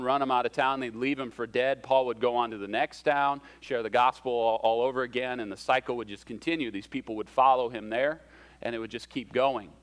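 A man's voice: medium pitch, a bit bright, clean tone. A man preaching a sermon as a pastor, in a conversational way with self-deprecating humor and shifting emphasis.

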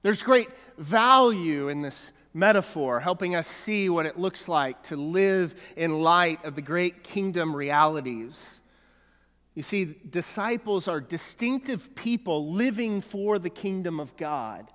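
A man's voice: high-pitched, animated, slow, fairly bright tone, big-room sound. A man preaching a sermon as pastor, earnest, often restarting and repeating words.

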